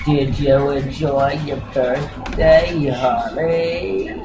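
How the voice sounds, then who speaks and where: Someone putting on a slow, smoky old lady. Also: mid-range voice. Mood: creepy sweet. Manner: slow halting drawl, creepy sweet. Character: slow, halting older woman with a smoker's voice. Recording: roomy, far from the mic, TV music behind.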